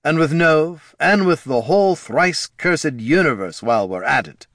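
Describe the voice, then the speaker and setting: A man reading out a drunk, bitter knight commander with a higher, raised voice, sneering and worn out, every line dry and sardonic. The voice sounds close and dry, with no room around it, as in a fantasy audiobook. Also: expressive, moderate pace, a bit bright, dry recording. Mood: mocking toast.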